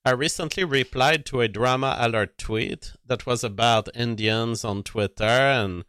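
Slow, smooth-voiced man rambling. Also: mid-range voice, fairly bright tone, dry recording, studio quality. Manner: meandering, restarts sentences often. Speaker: commentator. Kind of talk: rambling storytelling monologue.

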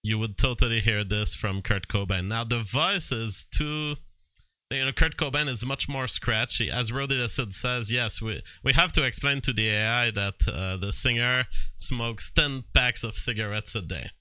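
A man's voice: medium pitch, moderate pace, bright, forceful tone, clean tone, no room sound. A man streaming live, commenting on AI-made songs, reading out chat messages and laughing often as he talks. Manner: chatty, laughs often, imitates sounds playfully.

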